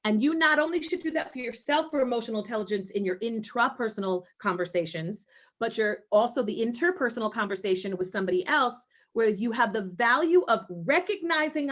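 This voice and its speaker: A woman's voice: fairly high pitch, brisk. Emphatic woman presenting a webinar. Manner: emphatic, animated, acts out voices. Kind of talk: energetic webinar talk.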